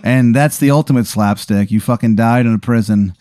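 A man's voice: mid-range voice, brisk, warm tone, dry recording. A man hosting a podcast, improvising a comic story in a rambling, profane way, full of fillers. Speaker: podcast host.

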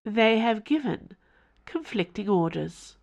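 A woman's voice: mid-range voice, animated, slow, creaky, voice pushed up, heavily acted. A woman voicing a sentient house that speaks in a creepy, formal, plaintive tone.

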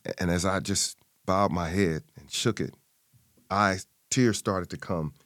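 A man's voice: low-pitched, steady tone, measured pace, fairly bright tone, dry recording, clean studio sound. A middle-aged man, an interview guest, telling a personal story and acting out the voices of his family.

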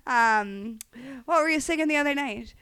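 An Irish woman chatting on a podcast with her brother, giggling, mocking him and firing back quick retorts. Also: sits high, sing-song, a bit bright, no echo. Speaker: podcast guest, host's sister. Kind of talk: casual banter and joke singing.

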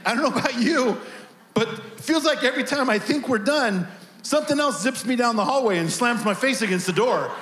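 High-voiced animated preacher man. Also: a little fast. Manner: animated storytelling, acts out voices. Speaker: pastor. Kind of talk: sermon with personal story.

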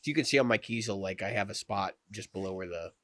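A man with a low voice co-hosts a casual podcast. He steers the talk in a relaxed, opinionated way. The sound is dry, with no room echo. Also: fast. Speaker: podcast co-host. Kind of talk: casual chat.

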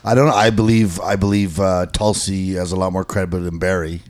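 A man's voice: low voice, flat delivery, quick pace, a little mellow. A man in a casual podcast chat, stating his opinions bluntly. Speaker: podcast co-host.

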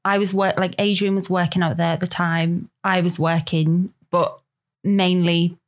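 A woman from Liverpool with a Scouse accent and a fairly low voice, chatting as a guest on a podcast. She keeps her answers short and a little hesitant. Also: flat delivery, a little slow. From Liverpool, England. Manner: soft-spoken, brief, hesitant answers. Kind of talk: casual interview chat.

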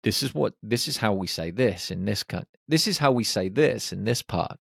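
A man's voice: on the low side, animated, normal speed, gravelly, fairly bright tone, breathy edge, dry recording, clean studio sound. A man hosting a podcast, talking listeners through confidence in an upbeat, encouraging way with jokey asides. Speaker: podcast host. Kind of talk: motivational podcast monologue.

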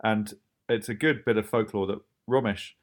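A man, the creator of a show, chatting casually about making it, quick and often laughing. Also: lowish voice, fairly even intonation. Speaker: show creator talking about his series. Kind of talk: casual podcast chat.

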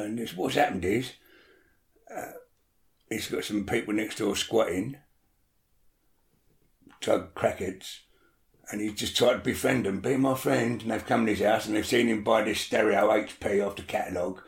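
A man's voice: fairly low pitch, moderate pace, gravelly, pauses often, roomy sound. A man telling a story in casual chat, swearing freely and acting out what people said. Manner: animated, swears a lot, acts out quotes. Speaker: storyteller guest.

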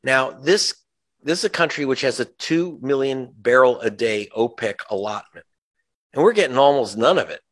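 A male journalist, a guest in an interview, offers impassioned political commentary laced with sarcasm, restarting his sentences often. His voice is mid-range and expressive, delivered at a normal speed.

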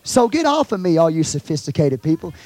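A Texan man preaches a sermon in a high tenor. He calls out to his congregation, swings from hushed asides to loud shouts, and the sound is close and dry. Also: big pitch swings, brisk, dry recording. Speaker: pastor. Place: church.

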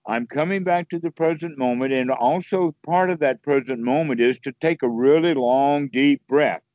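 At a moderate pace and with a slightly mellow voice, a man gives casual spoken Buddhist teaching on a call. He's playful, acting out inner voices with sudden high exclamations. The audio is lo-fi with no room sound.

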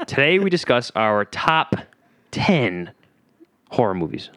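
A man's voice: mid-range voice, very animated, slow, a bit bright, no echo, studio quality. A man co-hosting a casual home-recorded podcast, joking and playful. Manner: playful, jokey. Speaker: podcast co-host. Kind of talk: casual chat.

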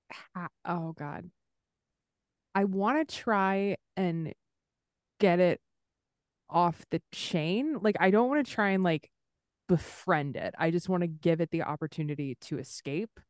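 A woman's voice: on the low side, animated, a little slow, no echo, clean studio sound. Rambling young woman player. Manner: rambling, many fillers. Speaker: tabletop game player. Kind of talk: casual tabletop play.

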